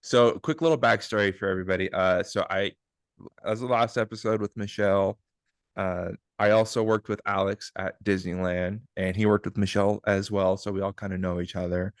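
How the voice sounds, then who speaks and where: A man's voice: on the low side, steady tone, fairly quick, smooth, no room sound, clean studio sound. A man hosting a podcast, chatting casually in an upbeat, joking and rambling way over a video call. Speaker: podcast host. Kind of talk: casual chat.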